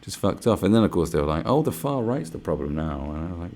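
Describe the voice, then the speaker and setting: A man's voice: deep voice, big pitch swings, quick pace, gravelly, hardly any pauses, a little mellow. A man hosting a live stream, ranting casually with lots of swearing and sarcastic asides. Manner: profane, sarcastic, mocks others in put-on voices.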